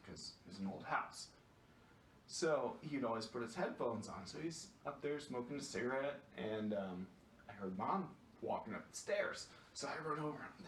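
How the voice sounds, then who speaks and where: A man's voice: medium pitch, moderate pace, a bit bright, far from the mic, a little hiss or hum. A young man co-hosting a podcast, chiming in with easygoing stories. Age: young adult. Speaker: podcast co-host. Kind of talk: casual storytelling. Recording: echoey room, off-mic.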